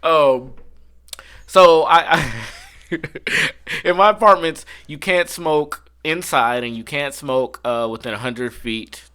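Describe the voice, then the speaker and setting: A man hosting a podcast, telling a story in a casual, animated, slangy way with plenty of swearing. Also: fairly high pitch, slow pace, clean tone. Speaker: podcast host.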